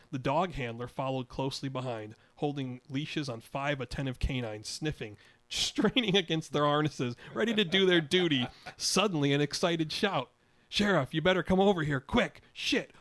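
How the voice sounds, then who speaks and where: An older man in his eighties reading his own memoir story aloud, wry, chuckling now and then. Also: medium pitch. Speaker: podcast storyteller.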